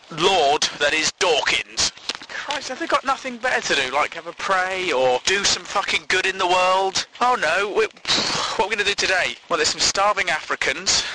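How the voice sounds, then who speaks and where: Male radio host, high voice, sarcastic ranting, noisy recording. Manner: sarcastic, swearing. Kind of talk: comic rant.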